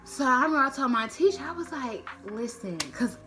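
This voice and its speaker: A woman tells a casual storytime to camera, loud with slang and swearing. Her voice sits high and sounds bright and forceful, and her pitch jumps wide as she acts out everyone in the story. Soft music plays underneath. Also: fast talker. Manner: slangy, profane, animated, acts out quotes. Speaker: storytime vlogger.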